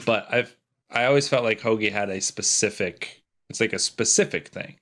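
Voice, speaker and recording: A man's voice: normal speed, fairly bright tone. A man co-hosting a podcast in casual chat, with a dry, laid-back manner. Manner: dry, laid-back, low-key delivery. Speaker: podcast co-host.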